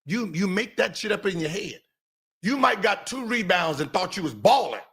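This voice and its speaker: A man's voice: sits high, sing-song, normal speed. A man hosting a reaction show, commenting casually and mockingly on video clips. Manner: mocking, loud, laughing and shouting at times.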